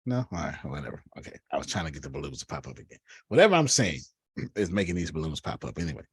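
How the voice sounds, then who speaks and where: A man, teaching a lively, preachy Bible lesson over a video call and calling on listeners by name. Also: very deep voice, quick pace, husky, no room sound. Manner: uses Black church phrasing.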